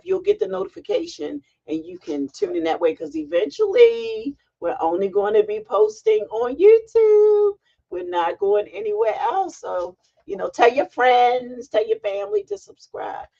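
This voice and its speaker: A middle-aged woman hosting a casual livestream from home, chatty and excitable as she greets viewers. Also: a little high, vocal fry. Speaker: livestream host. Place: home, sitting on a heating pad. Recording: dull lo-fi livestream audio.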